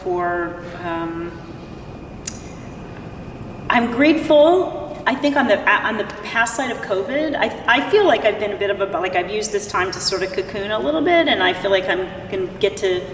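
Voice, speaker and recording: A woman's voice: medium pitch, expressive, normal speed. Reflective woman in a roomy hall. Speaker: opera singer guest. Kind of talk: casual interview chat. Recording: echoey church hall, distant mic, faint hiss.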